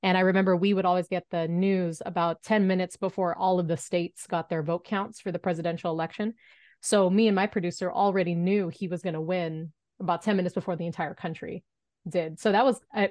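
A woman in her thirties telling a story as a podcast guest, animated and acting out the voices she quotes. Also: on the low side, no echo, clean studio sound. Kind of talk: storytelling in an interview.

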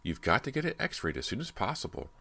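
A man with a very deep voice playing a blunt, fatherly basketball coach in an audiobook. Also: sing-song, fast talker, sharp tone, exaggerated voice. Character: gruff middle-aged male basketball coach.

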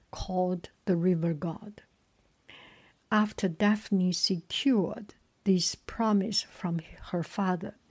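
A woman reading a myth aloud in a soft whisper, breaking off now and then for chatty asides full of slips and restarts. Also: mid-range voice, slightly rough. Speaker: storyteller. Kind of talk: whispered storytelling.

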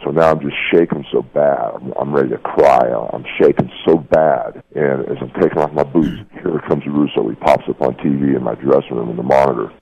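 A man's voice: rumbling low, steady tone, fairly quick, vocal fry, hardly any pauses, warm tone, husky. A middle-aged man telling a heated, profane story over the phone and calling people "brother". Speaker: guest. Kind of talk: casual phone interview. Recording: lo-fi phone line.

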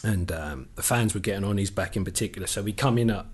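A middle-aged man, a former footballer, telling animated stories as a podcast guest and swearing freely. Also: sits low, quick pace, breathy edge. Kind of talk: casual storytelling interview.

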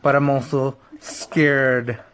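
A man in a casual chat, telling a story in an excitable way, with frequent restarts and laughs. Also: medium pitch, slow pace. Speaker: podcast co-host.

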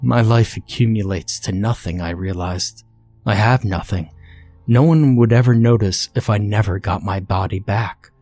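A man narrating a horror story in a measured, somber storytelling manner, as a scripted horror narration. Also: lowish voice, a little mellow, soft background music.

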